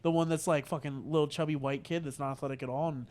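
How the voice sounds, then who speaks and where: A man's voice: a little high, fairly even intonation, quick pace, a little mellow. A young man on a podcast in loose, profane casual chat, full of fillers and jokes. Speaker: podcast co-host.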